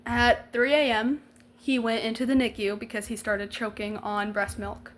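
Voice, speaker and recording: A woman's voice: a little high, flat delivery, normal speed. A young adult woman vlogger telling a personal story in a candid, emotional way, swearing freely and using slang and lots of likes.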